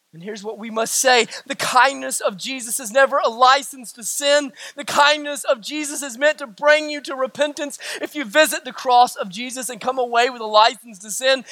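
A man with a Southern US accent preaching a sermon as a pastor, swinging from shouted lines to hushed, quiet ones. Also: very high-pitched, dry recording. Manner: dramatic swings from shouting to hushed near-whispers.

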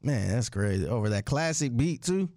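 A man's voice: medium pitch, lively intonation, moderate pace, a little mellow, soft background music. A man in casual conversation, asking questions and reacting briefly with admiration. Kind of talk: casual chat about music.

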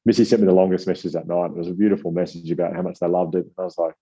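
Low dark voice guy rambling fast thru a funny story, husky, bit muffled. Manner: rambling, self-deprecating, animated quoting. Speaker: author guest. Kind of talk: casual storytelling.

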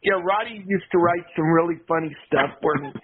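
A man calling in to a radio show, chatting casually in a rambling, halting way. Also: high voice, slightly rough. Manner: rambling, halting, full of restarts and filler. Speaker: caller. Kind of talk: casual call-in chat. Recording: tinny phone line.

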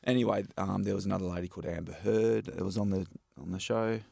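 A man's voice: deep voice, fairly even intonation, fast, gravelly, a little mellow, breathy edge, no room sound, clean studio sound. A man with an Australian accent, a stuntman guest telling rambling anecdotes in a casual interview. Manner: laid-back, rambling anecdotes with many fillers.

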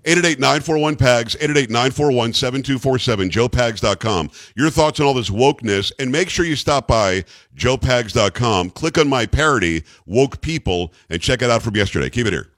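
A male talk radio host who talks bluntly and emphatically, joking with his co-host between strong opinions. His voice sits at a middling pitch. The studio sound is close and dry. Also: expressive, a little fast, hardly any pauses, a bit bright, no room sound.

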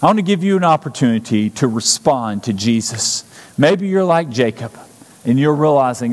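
A man's voice: medium pitch, animated, normal speed. A man preaching a sermon as pastor, earnest and urgent, building up with repeated phrases. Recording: long hall reverb.

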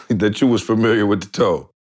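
A man co-hosting a podcast, chiming in casually with quick interjections. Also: fairly low pitch, darkish tone. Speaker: podcast co-host.

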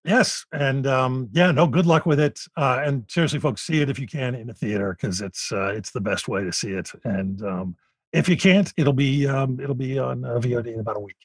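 A man's voice: medium pitch, no room sound. A man, co-hosting a podcast in casual chat, chatty with easy laughs. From Philadelphia. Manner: chatty, laughs easily, halting restarts. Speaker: podcast co-host.

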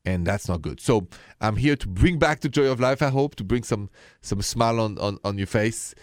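A man with a thick French accent hosts a radio talk show, speaking in a low, upbeat voice. He sounds reassuring and laughs easily with callers. His voice is dry and close to the mic. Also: moderate pace, dry recording.

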